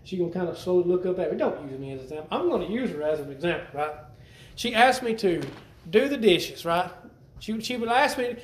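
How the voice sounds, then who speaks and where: A man delivers a sermon in a conversational way, repeating phrases and asking his congregation questions. His voice sits high for a man. The sound is roomy, with the echo of a church hall. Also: lively intonation, a little fast. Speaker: preacher.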